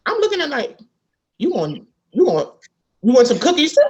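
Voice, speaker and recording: The author guest, a woman from South Carolina, uses a high-pitched voice at an ordinary speed. Chatting informally, she recounts a family story and acts out each character's quoted lines.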